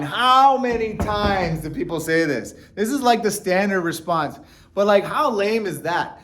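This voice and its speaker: A man gives a casual motivational talk in a slightly raised voice. He is animated, with plenty of fillers and restarts, and he acts out each feeling he describes. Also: sits high, normal speed. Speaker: motivational speaker.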